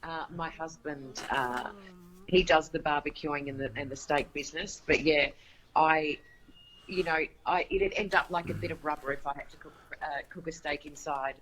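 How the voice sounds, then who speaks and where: A woman with an Australian accent chatting casually as a guest in an interview, easygoing and quick to laugh. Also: low-pitched, fairly bright tone, slight background noise, poor audio. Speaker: guest, home cooking show host.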